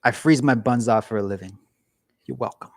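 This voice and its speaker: A man's voice: mid-range voice, fairly quick, creaky, slight background noise. A man chatting on a casual livestream from his cold garage, rambling and joking at his own expense. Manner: rambling, jokey, self-mocking. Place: home garage.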